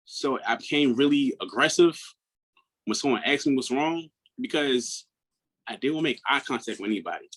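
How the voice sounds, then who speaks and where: A man in his thirties from Maryland, a guest on an interview who speaks earnestly and reflectively, often dropping into a hushed tone. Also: mid-range voice, expressive, moderate pace, low-quality recording. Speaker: guest, mental health coach. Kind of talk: personal storytelling in an interview.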